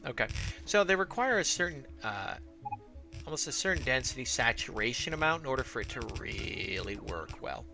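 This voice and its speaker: Animated, rambling man narrating gameplay. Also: medium pitch, normal speed, music in the background. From Arizona. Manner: rambling, thinking aloud with many fillers. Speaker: gameplay commentator. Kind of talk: casual let's-play commentary.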